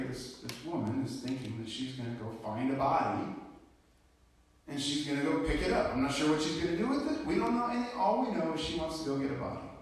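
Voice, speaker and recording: Guy preaching in a church, chatty storytelling vibe, sounds far off the mic with lots of echo. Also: mid-range voice. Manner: conversational storytelling with casual asides. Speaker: pastor. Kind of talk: sermon. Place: church sanctuary. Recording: echoey church hall from far off.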